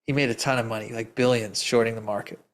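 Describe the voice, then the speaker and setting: Speaking at a quick pace in a mid-range voice with fairly even intonation, an investing educator takes live audience questions. His answers ramble in an emphatic storytelling style, with frequent laughter and restarted sentences.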